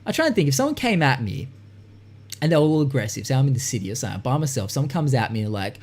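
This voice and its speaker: Brief: male podcaster, loose and profane, big animated pitch swings, plays out street-confrontation voices. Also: fast talker. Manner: animated, swears freely, acts out tough-guy voices. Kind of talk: casual podcast chat. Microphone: studio podcast mic.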